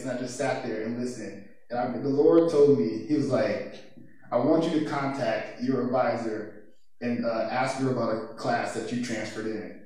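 A man's voice: medium pitch, darkish tone. Chatty young man preaching in an echoey room. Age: young adult. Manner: chatty, laughing, personal storytelling. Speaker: youth speaker. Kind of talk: casual youth sermon. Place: church youth room. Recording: echoey room from far off, faint noise.

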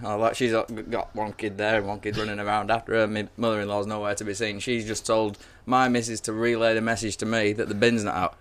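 A man's voice: lowish voice, flat delivery, fast, a bit bright. A man who is a guest on a casual podcast, telling rambling anecdotes and swearing freely. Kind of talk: casual storytelling chat.

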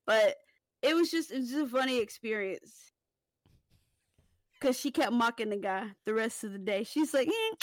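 A woman hosting a podcast, telling casual stories in an animated, profane way and laughing as she goes. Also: fairly high pitch, normal speed, pauses often, dry recording. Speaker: podcast host. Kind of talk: casual storytelling chat.

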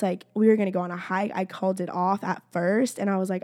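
A woman's voice: mid-range voice, fairly even intonation, fairly quick, a little mellow, dry recording. Chatty young woman, dry sound. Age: young adult. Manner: chatty, many "like" and "y'all" fillers. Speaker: college student sharing faith. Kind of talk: casual faith testimony to camera.

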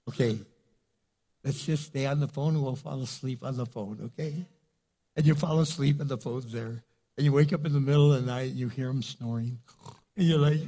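A middle-aged man preaches a sermon in a fairly high voice. He is lively and theatrical, slipping into the voices of the people he quotes and building to loud, emphatic peaks. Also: normal speed. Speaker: pastor.

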